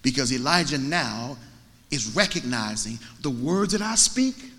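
Preacher man, bright ringy voice, goes loud then hushed, lots of echo. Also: mid-range voice, sing-song, unhurried. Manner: dramatic, swinging from shouts to whispers. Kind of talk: sermon.

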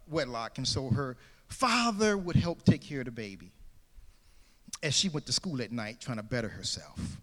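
A man preaching a sermon, swinging between loud shouted calls and quieter storytelling. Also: mid-range voice, long reverb tail. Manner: shouting and soaring, then dropping to a hushed storytelling tone.

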